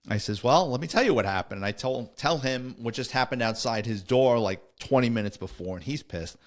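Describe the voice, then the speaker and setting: A man's voice: fairly low pitch, animated, brisk. A man, a podcast host and former police officer, telling a war story in a blunt, streetwise, matter-of-fact way. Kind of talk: casual storytelling.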